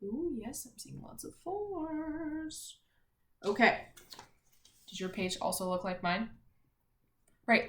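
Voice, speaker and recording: A woman teacher giving a phonics and spelling lesson to young children, talking clearly and encouragingly. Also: medium pitch, fairly bright tone. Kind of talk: early-grades phonics lesson. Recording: echoey room.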